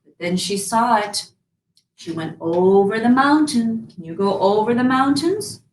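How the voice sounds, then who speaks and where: A woman in costume as a fairy-tale princess, telling a story to children in a sweet, animated way and coaxing them to join in. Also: on the high side, measured pace. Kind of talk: interactive storytelling in character for kids. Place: museum room. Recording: roomy, from far off, faint background noise.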